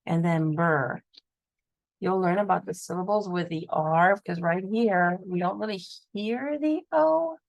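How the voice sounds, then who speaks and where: A woman's voice: on the low side, a little slow, vocal fry, no room sound, poor audio. A woman teaching a phonics lesson, patiently sounding out words and spelling them letter by letter.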